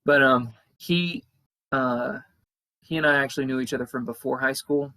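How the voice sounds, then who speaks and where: A man's voice: mid-range voice, steady tone, moderate pace, sharp tone, poor audio. A young man telling a long casual story, with many fillers and restarts. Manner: chatty, rambling with many fillers and restarts, acts out quoted voices. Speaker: podcast co-host.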